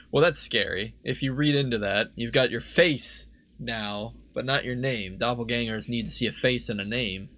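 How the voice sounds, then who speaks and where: A man's voice: mid-range voice, moderate pace, fairly bright tone. A young man giving casual, rambling commentary while playing a game at a desk microphone, second-guessing himself aloud. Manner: rambling, self-questioning, laughs easily. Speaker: let's play host.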